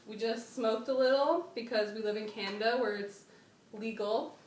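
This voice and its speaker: A woman hosting a casual chat with a guest, slangy and excitable, often trailing off and restarting. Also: fairly high pitch, normal speed, distant mic. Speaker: channel host. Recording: echoey room, off-mic, faint noise.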